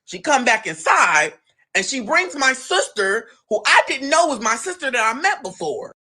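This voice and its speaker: A young man casually telling a long family story, animated and quick to act out what each relative said. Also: extremely high pitch. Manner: animated, acts out family members' lines in his own voice. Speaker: guest telling his story.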